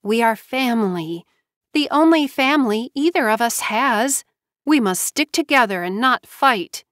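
A woman's voice: fairly high pitch, animated, a little slow, a bit bright, no room sound, studio quality, pitched above the performer's own voice. A woman voicing a genteel young woman, earnest and proper in her speech. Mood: pleading.

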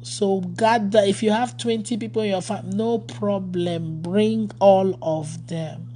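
Woman pastor, chatty and informal, mid-pitched, laughs often, answers viewer comments. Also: steady tone, slow, warm tone, a little hiss or hum. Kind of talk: casual livestream chat with followers.

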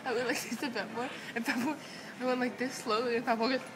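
A woman's voice: a little high, fairly even intonation, fast. A young woman filming a family home video at an airport, teasing and giggling as she talks. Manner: giggly teasing, frequent laughter. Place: busy airport terminal. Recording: noisy airport background.

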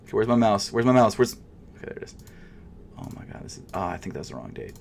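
A man who vlogs about sneakers, commenting casually while trying to buy shoes online, muttering in frustration and jumping between loud outbursts and whispers. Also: lowish voice, big pitch swings, fast talker, vocal fry, a little hiss or hum. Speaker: sneaker vlogger.

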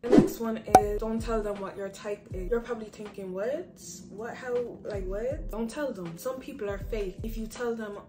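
A woman's voice: medium pitch, fairly even intonation, normal speed, hardly any pauses. A woman giving dating advice in a casual vlog, talking bluntly and swearing freely. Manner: blunt, profane and emphatic. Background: background music.

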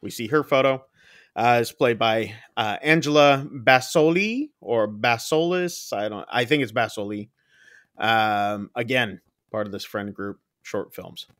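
A man's voice: mid-range voice, a little slow, fairly bright tone, no echo, clean studio sound. Rambling male horror podcast co-host. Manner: rambling, acts out screams and quotes. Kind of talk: casual film review chat.

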